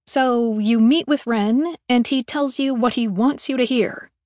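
A blunt, impatient heroine with a sarcastic edge, voiced by a woman narrating a story. Her voice sits high and carries more push than the narration around it. The recording is dry and close. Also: unhurried, a little mellow, no echo, close to an everyday voice. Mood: snappy. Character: brash, impatient young woman on a space station.

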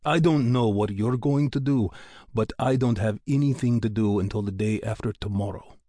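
A man's voice: on the low side, moderate pace, warm tone, dry recording, studio quality, natural voice. A man voicing a gloomy, serious male drilling supervisor who explains dangers in a sober tone. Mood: warning.

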